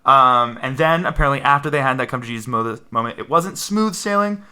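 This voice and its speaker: A man's voice: mid-range voice, fast, sharp tone, clear, resonant tone. A man hosting a casual movie podcast, chatty, reading out trivia and laughing often. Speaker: podcast host.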